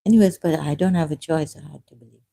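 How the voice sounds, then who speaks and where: A woman in her fifties telling her personal story, emotional and halting, rambling with restarts and self-corrections. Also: low voice, vocal fry, dark tone. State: emotional, close to tears.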